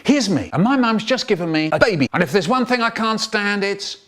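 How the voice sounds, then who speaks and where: An older man, telling a spliced comic story in an animated, exaggerated storyteller's manner. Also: high voice, fairly quick, faint music behind. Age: 70s. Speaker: children's poet.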